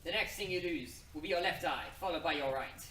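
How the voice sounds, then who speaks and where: A man playing a weakened young hero in a stage play, speaking slowly with mocking menace. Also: on the high side, sharp tone. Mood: menacing. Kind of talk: amateur stage acting. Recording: echoey room from far off, noisy.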